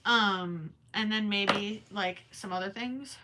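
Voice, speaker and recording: On a crochet livestream, a young woman reads and answers viewers while she works, speaking slowly in a mid-range voice. She's chatty yet distracted, frequently pausing to count stitches under her breath. The recording is very noisy.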